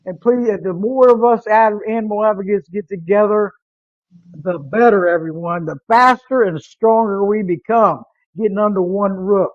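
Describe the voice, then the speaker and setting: A woman's voice: mid-range voice, no echo. A woman hosts a live internet radio show in loose, unscripted talk. She rambles, stumbles and restarts her sentences. Her voice sounds close and dry, with a muffled, lo-fi quality. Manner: rambling, halting, with many fillers and restarts. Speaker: radio podcast host.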